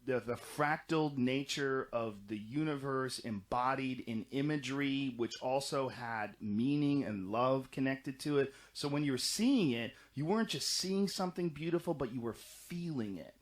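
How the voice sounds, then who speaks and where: A middle-aged man in casual podcast conversation, telling long, animated stories full of swearing and restarts. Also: mid-range voice, normal speed, hardly any pauses. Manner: animated, profane, rambling storytelling. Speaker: podcast guest recounting experiences.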